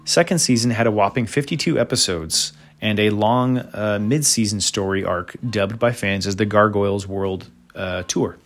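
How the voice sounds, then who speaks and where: Male host, slightly low voice, casual chatty monologue, rambles and throws in side comments. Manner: rambling with asides and fillers.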